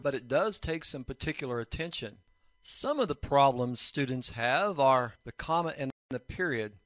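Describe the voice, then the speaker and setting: A man teaching a recorded lesson on writing fiction, explaining points in a measured way. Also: mid-range voice, no room sound. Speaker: college instructor.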